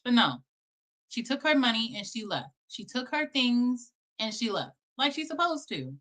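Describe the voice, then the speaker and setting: A woman hosting a reaction show, giving blunt, animated commentary with plenty of swearing. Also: fairly high pitch, normal speed. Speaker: host reacting to clips.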